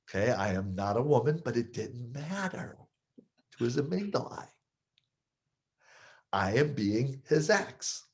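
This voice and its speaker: A man coaching listeners on triggers, explaining with lively stories he partly acts out. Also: medium pitch, a little slow, pauses often. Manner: animated storyteller, acts out scenes. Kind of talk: explaining with stories, podcast talk.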